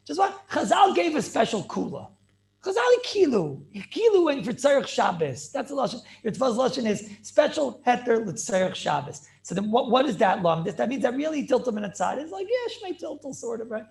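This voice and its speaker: A man, a rabbi, teaching a Talmud class over a video call in an excited, rapid way, repeating himself and asking rhetorical questions. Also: extremely high pitch, creaky. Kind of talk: animated yeshiva-style lecture.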